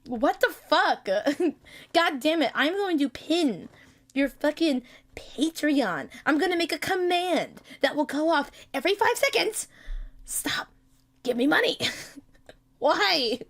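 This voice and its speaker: High-voiced excitable woman streamer. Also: measured pace. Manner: excitable, laughing often, swearing in mock outrage. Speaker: streamer hosting a chat with creators. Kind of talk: casual live stream chat.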